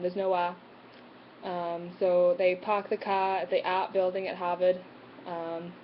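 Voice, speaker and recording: A woman's voice: medium pitch, dull audio, a little hiss or hum. A woman from Canada, chatting casually to camera in a rambling way, full of "um" and "like". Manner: rambling, lots of "um" and "like". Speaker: vlogger.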